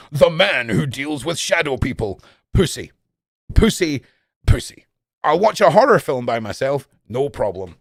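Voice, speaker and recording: A young man chatting casually and profanely on a live stream, jumping between loud outbursts and low mutters. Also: no echo, clean studio sound. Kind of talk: casual rambling stream chat.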